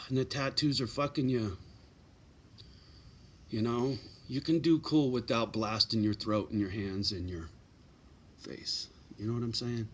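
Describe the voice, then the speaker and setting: A man's voice: mid-range voice, steady tone, a little slow, pauses often, a bit bright, slightly rough. A middle-aged man giving blunt, profane advice in a casual straight-talking monologue, often tagging lines with "right?" and "you know".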